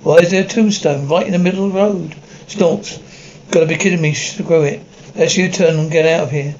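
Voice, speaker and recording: Reading every role in a horror story, this man also voices the stage directions in between. He speaks a little fast in a slightly high, slightly mellow voice with a steady tone. The recording has its highs cut off and a little hiss or hum.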